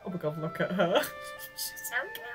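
A woman streaming a video game live, reacting in an excitable, giggly way and cheering the character on. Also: lowish voice, moderate pace, over music. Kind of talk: live gameplay commentary.

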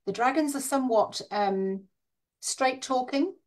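A woman's voice: high voice, measured pace. A woman interviewed as a guest, speaking frankly and conversationally with a light laugh. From Scotland and northern Britain.

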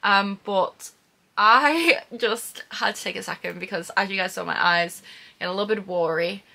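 Bright-voiced woman gushing over books. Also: medium pitch, moderate pace, creaky. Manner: gushing, excitable, emotional. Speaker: book vlogger. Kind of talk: casual unboxing vlog. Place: home room with bookshelf.

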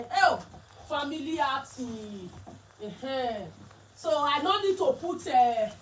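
A woman's voice: high-pitched, a little hiss or hum. A woman with a Nigerian accent chatting casually as a vlogger while explaining and showing clothes. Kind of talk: casual chat.

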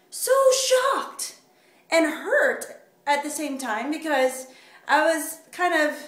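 A woman with a high voice vlogs straight to her viewers, animated and indignant, stumbling through fillers and restarts. Her voice bounces around an echoey room. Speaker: vlogger. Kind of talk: casual direct-to-camera vlog.

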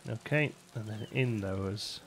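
A man's voice: on the low side, takes it slowly, a bit bright, slight background noise. A man casually commentating a city-building game as he plays, chatty and rambling, laughing often and thinking aloud. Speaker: let's play host.

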